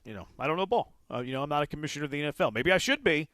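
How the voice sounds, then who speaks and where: A man's voice: a little high, expressive, rapid-fire, pushed and bright, no room sound. A man hosting a sports talk radio show, opinionated and rambling, with frequent restarts.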